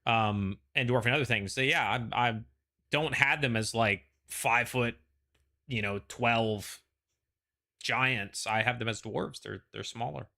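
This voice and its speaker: A man's voice: medium pitch, unhurried, vocal fry, bright, forceful tone. A man hosting a casual pre-show chat, talking in a rambling, hedging, chatty way. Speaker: show host.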